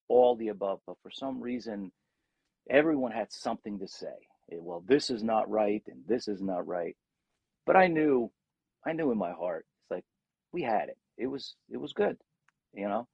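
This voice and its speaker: A gravelly, husky middle-aged man with a lowish voice tells stories from his singing career in an animated way, acting out quotes. The sound is dry and a bit dull. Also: normal speed, no room sound. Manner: animated storyteller, acts out quotes. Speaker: rock singer, guest. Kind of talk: casual storytelling interview.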